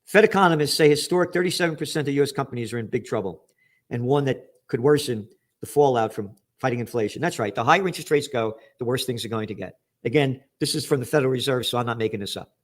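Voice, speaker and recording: A middle-aged man ranting through news headlines, profane and angry, shouting to stress his points. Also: mid-range voice, fast talker. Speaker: trends commentator.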